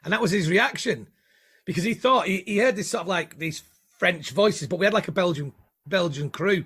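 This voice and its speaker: A man's voice: sits high, moderate pace, fairly bright tone, breathy edge. A male comedian guest telling a rambling, self-deprecating anecdote, acting out the quotes.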